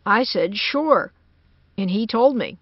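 A woman's voice: medium pitch, animated, takes it slowly, no echo. An anxious engineer man talks with urgent unease, as a woman narrator puts him on. The storybook recording is dry and dull, like an old lo-fi tape. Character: worried American man, a computer engineer.

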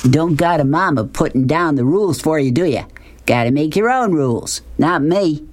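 A man reading an audiobook, voicing a big, pushy, loud-talking man who hollers and hoots in a folksy drawl. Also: a little high, lively intonation, moderate pace, voice pushed up, lightly acted. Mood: hooting.

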